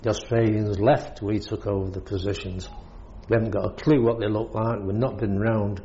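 Older British man reminiscing, mellow voice. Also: on the low side, flat delivery, normal speed, lo-fi sound, a little hiss or hum. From Britain. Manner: rambling, chuckles often while telling. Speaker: war veteran recounting service. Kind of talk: oral history storytelling.

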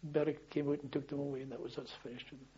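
Older man, halting and husky. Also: medium pitch, little pitch movement, warm tone, dull audio. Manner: halting, rambling with restarts and chuckles. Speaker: interviewee, former policeman. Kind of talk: oral history storytelling.

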